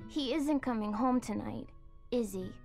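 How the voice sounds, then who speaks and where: A woman's voice: a little high, unhurried, darkish tone, faint music behind. A woman voicing an eager, sickly young boy in a video game who earnestly explains his gadgets. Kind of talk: game voice acting.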